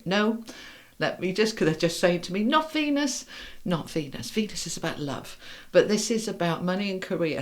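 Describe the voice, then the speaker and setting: A middle-aged woman giving a casual tarot reading, chatting to viewers in an upbeat way and speaking straight to them. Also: fairly low pitch. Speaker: tarot reader.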